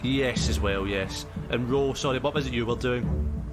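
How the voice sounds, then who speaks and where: Over background music, a game master with a Scottish accent leads a tabletop session in a mid-range voice at a moderate pace. His delivery is halting, filled with ums and sort-ofs.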